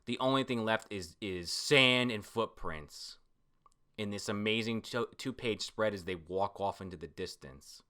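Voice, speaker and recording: An excitable man talks his way through a comic chapter, reacting as he goes. His voice is bright and tense, and he swears freely. He breaks in with loud exclamations between his descriptions. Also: fairly low pitch, measured pace, clean tone. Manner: excitable, profane, frequent exclamations. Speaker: manga reader reacting to a chapter. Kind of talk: excited read-through commentary.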